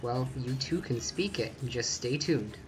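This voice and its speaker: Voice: medium pitch, lively intonation, a little slow, over loud music. A vlogger giving a casual, chatty tutorial that walks through each point step by step.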